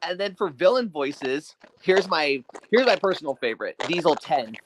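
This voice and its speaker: A man's voice: a little high, big pitch swings, normal speed, hardly any pauses, a little hiss or hum. A man from Argentina hosting a live stream, chatting eagerly with friends. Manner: eager, asks questions. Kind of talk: casual chat.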